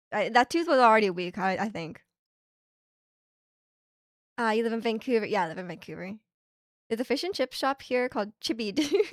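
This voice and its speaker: A woman's voice: on the high side, no room sound. Chatty young woman streamer, dry sound. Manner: rambling, chatty storytelling with many fillers and restarts. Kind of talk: casual chat. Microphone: streaming microphone.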